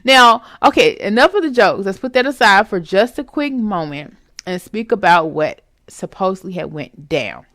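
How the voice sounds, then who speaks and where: A woman hosting a casual celebrity gossip commentary vlog, sassy and animated, throwing out rhetorical questions with some swearing. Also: medium pitch, moderate pace, dry recording, clean studio sound. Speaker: commentary vlogger.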